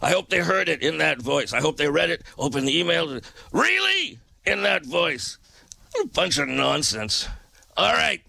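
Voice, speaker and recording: Male radio DJ, high and crackly, bright, dry studio sound, animated ranter. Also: normal speed, gravelly, dry recording. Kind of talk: casual radio talk.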